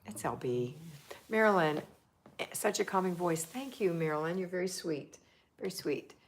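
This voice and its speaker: A woman's voice: on the low side, moderate pace, slight background noise. A middle-aged woman hosting a live homemaking chat, reading viewer comments aloud and cheering them on. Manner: chatty and encouraging, reads comments aloud.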